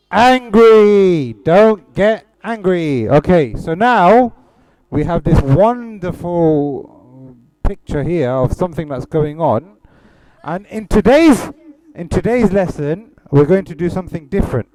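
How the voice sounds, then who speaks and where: Questioning male teacher, slightly high voice. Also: dark tone, no room sound, poor audio. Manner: asks the children questions and prompts them; opens with a quick recited Arabic invocation. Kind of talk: children's hadith lesson.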